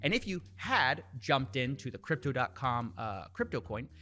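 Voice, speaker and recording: A man's voice: medium pitch, very animated, moderate pace, pushed and bright, faint music behind. A man co-hosting a casual commentary show, wry and jokey in his delivery. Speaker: co-host.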